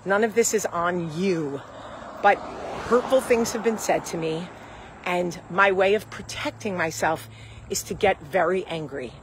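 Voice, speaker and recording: A woman's voice: on the low side, unhurried, background noise. A woman in her forties talking candidly to camera as host, telling a personal story and acting out the dialogue. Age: 40s. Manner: candid, animated storytelling, acts out quoted dialogue. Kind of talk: casual talk to camera.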